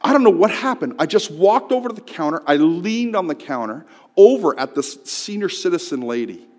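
A man telling a personal story in a sermon, swinging from loud outbursts to hushed tones. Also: high-pitched, very animated, brisk. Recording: long hall reverb.

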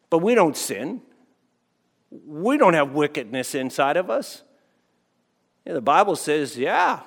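A man's voice: a little high, big pitch swings, slow pace, vocal fry, long pauses, a bit bright. A man preaching a sermon as pastor, talking conversationally, repeating phrases and checking in with the congregation. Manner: conversational, repeats phrases, asks the crowd "right?". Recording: long hall reverb.

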